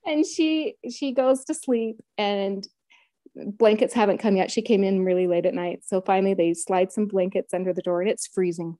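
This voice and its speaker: A woman's voice: on the low side, mellow, no echo, studio quality. A middle-aged woman telling her own story in casual conversation, retelling events vividly and acting out quotes.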